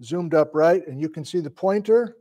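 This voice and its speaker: A man's voice: on the high side, animated, normal speed, dark tone. A middle-aged man from Wisconsin, a sleep-deprived geology lecturer, thinking aloud in a flustered, casual live-stream lesson. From Wisconsin, USA.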